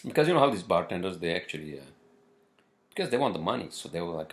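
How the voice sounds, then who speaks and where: Brief: male solo host, gravelly voice, loose profane rambling. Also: deep voice, very animated. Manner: rambling, profane, halting with fillers. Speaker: podcast host. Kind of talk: casual solo monologue.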